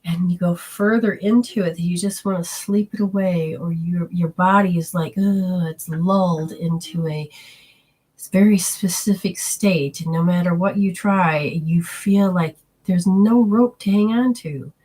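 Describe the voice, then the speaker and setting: A woman with a husky, slightly breathy voice teaches about healing and the body. She speaks earnestly and often slips into quoted inner voices to make her point. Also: on the low side, fairly even intonation, unhurried, darkish tone. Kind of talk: teaching talk with personal stories.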